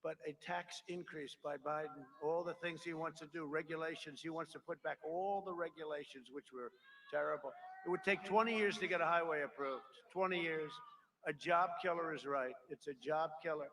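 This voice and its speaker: A man's voice: on the high side, moderate pace, fairly bright tone. A man giving a rambling, boastful campaign rally speech at a podium microphone, full of repeated asides. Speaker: politician. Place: large rally crowd. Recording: noisy live rally recording.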